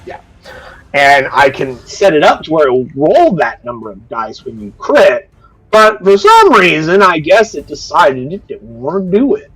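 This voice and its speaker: A man's voice: on the high side, very animated, moderate pace, a bit bright, husky, soft background music, poor audio. A man narrating as game master in a casual, profane way, explaining rules as he goes.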